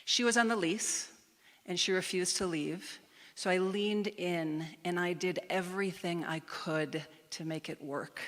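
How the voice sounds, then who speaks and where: A woman telling a personal story on a live stage, in a measured and emphatic manner. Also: on the low side, fairly even intonation. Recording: reverberant live hall.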